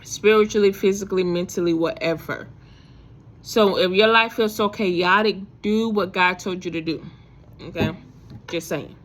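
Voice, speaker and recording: A woman's voice: fairly low pitch, normal speed, slight background noise. A woman vlogger telling a faith story to her viewers in a casual, rambling way, full of fillers and restarts.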